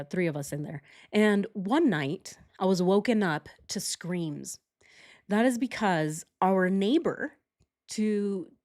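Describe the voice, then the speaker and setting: A young adult woman streamer telling a personal story in casual chat, candid and animated, acting out shouted quotes. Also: mid-range voice.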